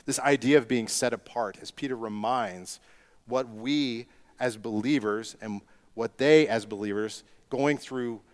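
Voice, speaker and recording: A middle-aged male pastor delivers a sermon in a medium-pitched voice at a measured pace. He relies on rhetorical questions and breaks into emphatic bursts to drive home his main points.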